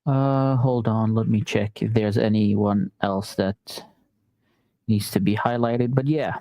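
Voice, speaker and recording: A man with a warm, mellow voice gives casual, sarcastic reaction commentary. He talks loosely, as if to his regular viewers. The sound is close and dry. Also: fairly low pitch, fairly even intonation, takes it slowly, no room sound, lo-fi sound. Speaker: commentary channel host.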